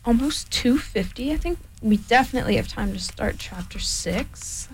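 A woman calmly reading a children's storybook aloud in a soft-spoken way, with relaxed chatty asides. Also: fairly high pitch, a little hiss or hum, low-quality recording. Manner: calm, unhurried, chatty asides. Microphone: headphones worn.

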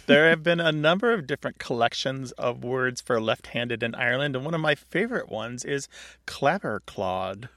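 A man's voice: mid-range voice, expressive, normal speed, fairly bright tone, no room sound, clean studio sound. A man co-hosting a radio call-in show about language, explaining words in a chatty way and laughing often.

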